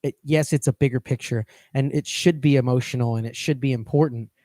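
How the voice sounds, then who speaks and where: A man's voice: medium pitch, steady tone, fairly quick, warm tone, no echo, clean studio sound. A man co-hosting a fitness coaching podcast, talking casually and rambling, often restarting his phrases.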